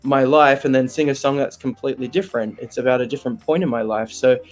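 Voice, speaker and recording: A young man with an Australian accent, talking openly and with feeling in an interview, animated and laughing easily. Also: mid-range voice, quick pace, soft background music. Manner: candid, animated, laughs often. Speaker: interviewee, singer. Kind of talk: open, emotional interview chat.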